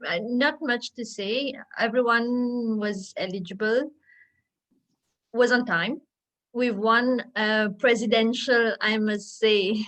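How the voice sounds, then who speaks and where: Relaxed woman giving a short report. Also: fairly high pitch. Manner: relaxed, laughing lightly. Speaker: timer at a club meeting. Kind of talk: casual report. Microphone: video call.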